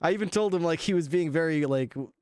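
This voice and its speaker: A man's voice: a little high, fast talker, darkish tone, smooth, no room sound, studio quality. A man livestreaming, chatting casually with his viewers, laughing often and swearing. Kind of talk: casual chat with stream viewers.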